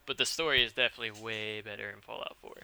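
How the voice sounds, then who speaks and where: A man's voice: fairly low pitch, fairly even intonation, very fast, vocal fry, sharp tone, clear, resonant tone. A man co-hosting a gaming podcast, chatting casually with many hesitations and fillers. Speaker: podcast co-host. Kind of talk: casual chat.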